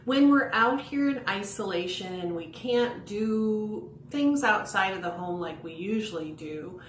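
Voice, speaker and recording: A woman's voice: medium pitch, expressive, measured pace. A woman, a mentoring coordinator, giving a friendly, chatty and encouraging talk to camera from home. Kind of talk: casual instructional talk to camera. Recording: echoey room with faint noise.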